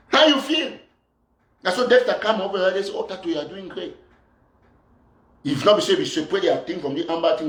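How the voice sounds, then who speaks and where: A man's voice: high-pitched, roomy sound. A man with a Cameroonian Pidgin English accent, an activist host ranting fiercely at his live viewers and repeating lines for emphasis. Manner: fiery and accusatory, repeats phrases for emphasis. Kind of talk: impassioned political rant to live viewers.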